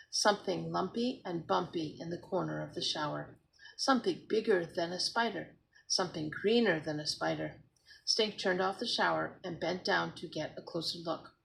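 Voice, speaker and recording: A woman's voice: fairly low pitch, creaky, poor audio. A woman expressively reading a children's book aloud as a storyteller. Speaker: storybook reader.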